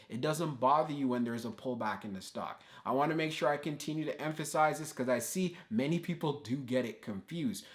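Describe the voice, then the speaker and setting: A man hosting a stock market video, talking viewers through chart levels and trading discipline with an emphatic, coaching tone. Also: medium pitch. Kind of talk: solo market analysis talk.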